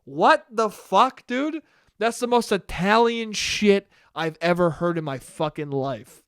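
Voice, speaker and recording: A man's voice: high-pitched, lively intonation, slow pace, fairly bright tone, smooth, dry recording, studio quality. A young man hosting a casual solo podcast, rambling and swearing freely in an amused tone. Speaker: podcast host.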